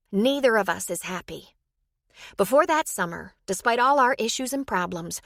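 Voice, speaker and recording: A woman's voice: a little high, a bit bright, no echo, clean studio sound, pitched above the performer's own voice, heavily acted. A woman doing a frank, urging woman friend.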